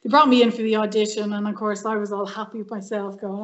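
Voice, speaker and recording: A woman's voice: mid-range voice, fast talker, muffled recording, crowd noise. Irish woman on a podcast, chatty storyteller, does all the voices in her stories. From Ireland. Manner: lively storyteller who acts out quoted dialogue. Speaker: podcast guest, actress and violinist. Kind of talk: casual storytelling interview.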